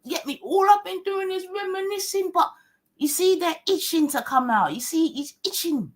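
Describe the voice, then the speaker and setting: Combative woman with lively high voice. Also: normal speed. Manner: combative, mocking, heavy slang and swearing, repeats phrases. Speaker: livestream host. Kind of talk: heated livestream rant.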